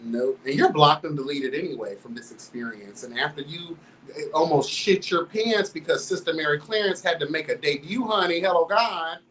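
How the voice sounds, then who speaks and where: A man's voice: a little high, moderate pace, distant mic, a little hiss or hum, poor audio. A man hosting a show, telling a candid story in a sassy, flamboyant way, constantly addressing listeners as girl and laughing along. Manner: animated, laughs through the telling. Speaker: host.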